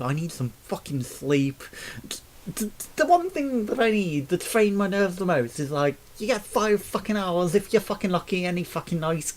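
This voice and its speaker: A man's voice: fairly high pitch, creaky. A man ranting to camera, swearing constantly and sounding exasperated and sarcastic. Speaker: vlogger. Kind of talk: angry rant to camera.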